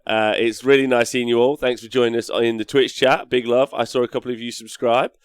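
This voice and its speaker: A man hosting a live-streamed show, talking in a rambling, energetic way with a hoarse, worn-out voice as he reads out chat messages. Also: mid-range voice, fairly quick, no room sound, clean studio sound. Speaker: host.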